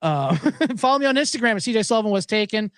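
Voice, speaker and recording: A man hosts a podcast, rambling through a profane story. His voice sits high and swings widely in pitch. The close mic sounds dry, with no room echo. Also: lively intonation, fast, fairly bright tone, clean tone. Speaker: podcast host. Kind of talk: casual storytelling monologue.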